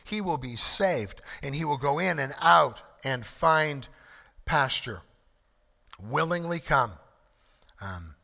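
A man's voice: a little high, creaky, pushed and bright, big-room sound. A man preaching a sermon, earnest and emphatic, repeating key phrases as he explains a scripture passage. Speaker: pastor.

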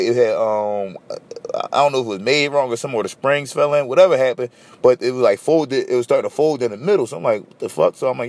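A podcast host, a man, recounts a run-in in a loose, profane, animated way. He voices the other side's dialogue himself. His voice sits at an ordinary middle pitch. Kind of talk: casual storytelling.

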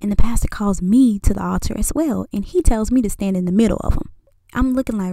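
A woman in her twenties telling a personal story casually, animated and acting out the dialogue. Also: mid-range voice, a little fast, no room sound, clean studio sound. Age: 20s. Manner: lively and animated, acts out dialogue. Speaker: vlogger.

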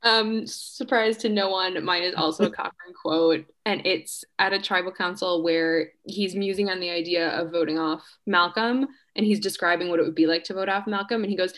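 A woman's voice: fairly low pitch, fairly even intonation, moderate pace, few pauses, fairly bright tone. A woman co-hosting a casual podcast chat, wry and opinionated, rambling through her points. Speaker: podcast co-host.

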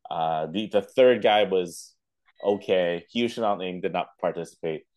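A man with a low voice co-hosts a podcast, chatting casually. He tells animated stories full of fillers like "um" and "uh". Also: moderate pace. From Canada. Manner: animated storytelling with laughs and fillers. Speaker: podcast co-host. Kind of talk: casual chat.

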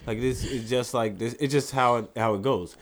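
A man's voice: mid-range voice, moderate pace, a little hiss or hum. A young man co-hosting a podcast in loose, rambling casual chat, swearing freely. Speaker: podcast co-host.

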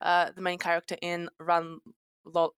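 A woman's voice: fairly low pitch, completely flat delivery, unhurried, a bit bright, clear, resonant tone, no room sound, clean studio sound. A woman chatting eagerly about films, often repeating her words. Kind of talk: casual chat.

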